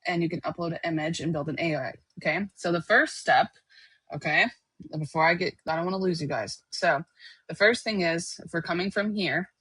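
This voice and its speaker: A woman's voice: lowish voice, brisk, fairly bright tone, breathy edge, dry recording. A woman teaching a casual screen-share tutorial, chatty and often checking in with her listeners. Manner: chatty, checks in with "okay?" and "right?". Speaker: online course teacher.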